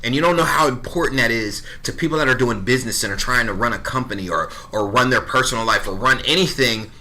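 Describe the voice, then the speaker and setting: Man, thirties, podcast storytelling, blunt, swears, acts out conversations, very bright tense tone. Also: medium pitch, quick pace. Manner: animated, acts out both sides of conversations. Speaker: podcast guest. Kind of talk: storytelling in casual podcast chat.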